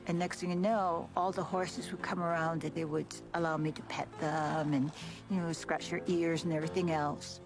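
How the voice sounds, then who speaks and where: A woman's voice: low-pitched, level tone, moderate pace. A woman telling a personal story, acting out the voices of the people she quotes. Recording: music bed under the voice.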